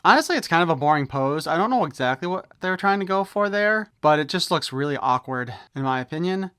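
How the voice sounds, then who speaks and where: A man's voice: on the high side, lively intonation, brisk, a bit bright, smooth, dry recording, studio quality. A man giving a casual unboxing review of a toy, opinionated and wry, with jokes thrown in.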